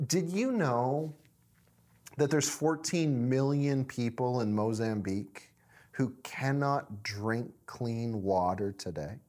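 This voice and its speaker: A man playing a devoted male factory worker in a spoken story, quiet and earnest. He sounds patient as he explains. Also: mid-range voice, slow, pitched below the performer's own voice, natural voice.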